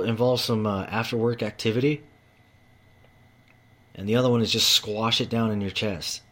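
A man with a fairly low voice rants about work. He swears constantly and circles back over the same words. He sounds heated and worked up. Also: fairly quick, fairly bright tone. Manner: profane, heated, repetitive. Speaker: manual tradesman. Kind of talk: ranting monologue.

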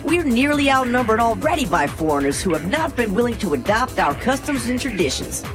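A woman's voice: on the high side, big pitch swings, a little fast. An actress playing an angry female cartoon townsperson who asks heated, accusing questions. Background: music.

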